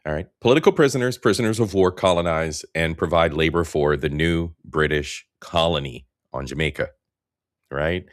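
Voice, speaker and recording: A man's voice: extremely low pitch, normal speed, no room sound, clean studio sound. A man hosting a casual late-night livestream, greeting viewers by name and chatting in a laid-back way. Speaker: host. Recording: music playing behind.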